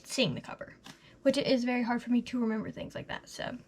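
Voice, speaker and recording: An eighteen-year-old woman giving a casual, gushing book review, chatty and full of "literally" and "like", often trailing off into soft half-whispers. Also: fairly high pitch, expressive, fast, a little hiss or hum. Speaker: book vlogger.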